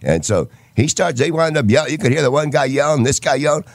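A man's voice: fairly high pitch, lively intonation, quick pace, creaky, no echo. A man from Michigan in casual chat, telling rambling stories with restarts. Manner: rambling storyteller with stops and restarts.

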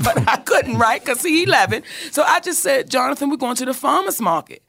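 A woman telling a personal story in casual chat, animated and swearing freely as she acts out what people said. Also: sits high, a little fast, vocal fry, hardly any pauses.

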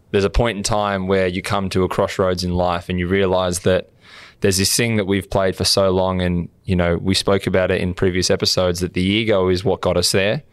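A man's voice: sits low, smooth, no echo. A man co-hosting a podcast, talking earnestly and encouragingly in casual chat. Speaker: podcast co-host.

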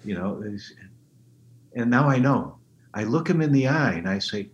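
A man, the interview guest, telling stories with animated energy and jumping into high-pitched voices when he quotes people. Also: normal speed. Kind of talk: enthusiastic storytelling in an interview. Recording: roomy remote line with faint noise.

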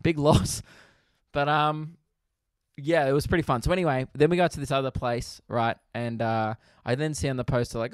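An animated young Australian man tells a comedy story on his podcast, breaking into laughter and little whoops along the way. His voice sits at an ordinary male pitch. The recording is close and dry, with no room sound. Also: moderate pace, clear, resonant tone, no room sound. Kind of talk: casual storytelling monologue.

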